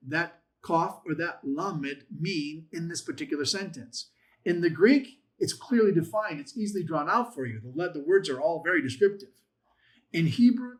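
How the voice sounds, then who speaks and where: A man teaching a Bible language class in a conversational, encouraging way, joking with his students. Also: on the high side. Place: church classroom.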